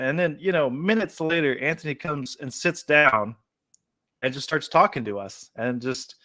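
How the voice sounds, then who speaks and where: A man with a fairly high pitch speaks at a moderate pace in a dry recording. As host of a casual podcast, he tells a story with plenty of laughter, playing out the quotes.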